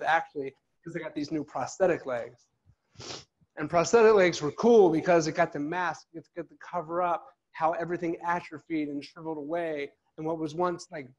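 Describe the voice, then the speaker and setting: A middle-aged man telling a funny, animated personal story to an audience at an office event. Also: fairly high pitch. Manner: animated, jokey, acts out quotes. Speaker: motivational speaker.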